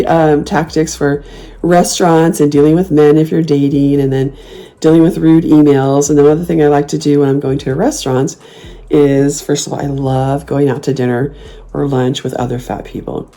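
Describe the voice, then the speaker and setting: A woman's voice: low voice, steady tone, moderate pace, warm tone. A woman in her fifties talking casually and bluntly, sassy and snarky, swearing freely and slipping into mocking voices when she quotes her comebacks. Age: 50s. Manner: playful mocking put-on voices when quoting herself. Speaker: host. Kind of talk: casual talk to camera.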